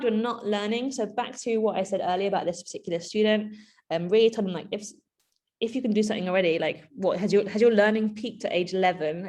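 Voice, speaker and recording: A woman giving a conversational keynote to teachers. She is chatty and animated, with frequent asides and fillers. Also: mid-range voice. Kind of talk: conversational presentation.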